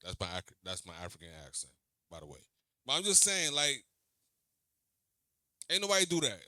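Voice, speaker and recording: A man hosting a reaction video, talking back to an interview clip in a slangy, animated way and repeating himself. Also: medium pitch, moderate pace, no echo, studio quality. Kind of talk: reaction commentary.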